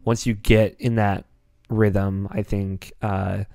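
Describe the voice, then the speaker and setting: A man's voice: on the low side, little pitch movement, takes it slowly, gravelly, a little mellow, dry recording, studio quality. Rambling, chuckling young man. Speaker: podcast host. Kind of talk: casual podcast chat about a video game. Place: home basement.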